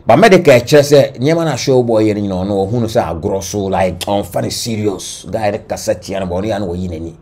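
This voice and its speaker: A Ghanaian man with a low, husky voice recounts celebrity drama in animated commentary. He tells the story in lively bursts, mixing languages as he goes, and his voice carries a rough, breathy texture. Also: brisk, hardly any pauses. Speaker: entertainment news commentator. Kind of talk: gossip commentary.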